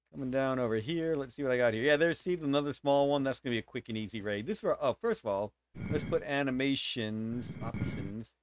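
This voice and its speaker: A man's voice: mid-range voice, dry recording. This is a man at ease, thinking aloud as he plays through a strategy game for viewers. His middling voice swings up and down expressively, and he drops playful sound effects into the battles while he explains each move. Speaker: game streamer. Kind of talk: casual gameplay commentary.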